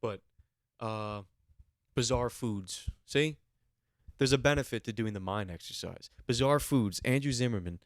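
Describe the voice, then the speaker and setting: A man's voice: fairly low pitch, a little slow, long pauses, no room sound, studio quality. A man hosting a podcast alone, ranting comically with big jumps into incredulous, raised questions while holding a handheld mic. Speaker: podcast host. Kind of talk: solo comedic rant. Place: alone in a small room.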